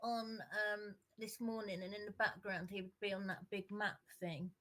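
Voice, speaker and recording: A woman's voice: medium pitch, steady tone, normal speed, fairly bright tone, close to an everyday voice. Woman playing a self-serious band singer. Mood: earnest. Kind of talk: improvised comedy role-play.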